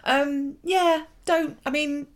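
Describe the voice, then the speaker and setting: A woman's voice: high-pitched, steady tone. A woman co-hosting a podcast, chatting casually about a cartoon in a jokey way and laughing easily. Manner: jokey, quick to laugh, breaks into silly voices and sing-song riffs. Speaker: podcast co-host. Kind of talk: casual chat reviewing a cartoon.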